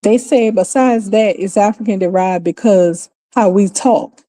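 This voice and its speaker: Speaking a little slowly in a warm, medium-pitched voice, a livestream host from New Orleans delivers casual, opinionated talk. She has a New Orleans accent and sounds emphatic and exasperated, with plenty of profanity.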